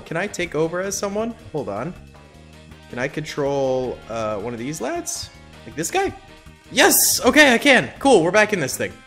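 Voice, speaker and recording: A man's voice: on the high side, big pitch swings, normal speed, a bit bright, faint music behind. A young man hosting a gaming channel, giving goofy, hyped gameplay commentary full of yelps.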